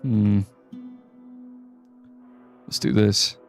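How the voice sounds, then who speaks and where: Very slow and fairly low, with little pitch movement, a man talks casually to his live-stream viewers during gameplay. He rambles, jokes and laughs often over faint music.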